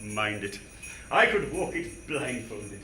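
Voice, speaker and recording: A man's voice: lowish voice, very animated, takes it slowly, pushed and bright, recorded from a distance, faint music behind, exaggerated voice. A man playing a timid, fussy old miser who stammers and speaks formally, in a live stage play. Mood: fearful. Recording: echoey stage with clear noise.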